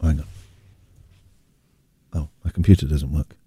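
A man's voice: very deep voice, fairly even intonation, a little slow, dark tone, breathy edge, no room sound. A man hosting a breakfast radio show, joking and teasing his co-host in playful studio banter. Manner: goofy, teasing, slips into silly voices. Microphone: studio microphone.

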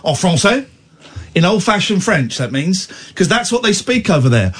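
A man's voice: on the high side, very animated, moderate pace, slightly rough. A man hosting late-night radio, swinging between mock rants and dry offhand banter. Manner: mock-ranting, bombastic, then dry and offhand. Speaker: radio host.

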